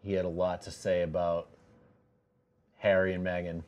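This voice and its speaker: American guy hosting, low voice, casual jokey interviewer. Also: level tone, moderate pace, a little mellow. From United States. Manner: easygoing, joking questions. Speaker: podcast host.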